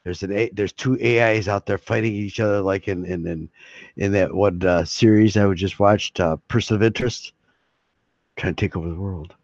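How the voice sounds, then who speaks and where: A man with a lowish, steady, slightly mellow voice hosts a live hangout as a streamer, chatting loosely at a normal speed, rambling, laughing and swearing freely. It's casual live-stream talk. The recording is dry with no room sound, a bit muffled, with a slightly dull lo-fi quality.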